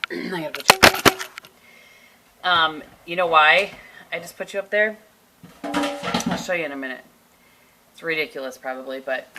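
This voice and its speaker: Chatty woman on noisy camera audio. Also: deep voice. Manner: chatty, rambling, self-deprecating asides. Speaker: vlogger. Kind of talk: casual home vlog chat. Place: home kitchen. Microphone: handheld compact camera.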